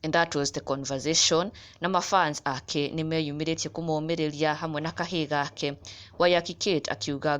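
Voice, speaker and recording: A woman's voice: deep voice, steady tone, moderate pace, smooth. A woman presenting entertainment news, reading steadily and mixing Kikuyu with English. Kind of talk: read news narration.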